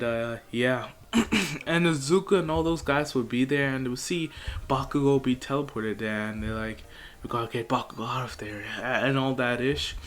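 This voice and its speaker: A man's voice: mid-range voice, a bit bright. A young man casually telling a made-up story, rambling with lots of fillers. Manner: rambling, filler-heavy, laughs often. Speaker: channel host.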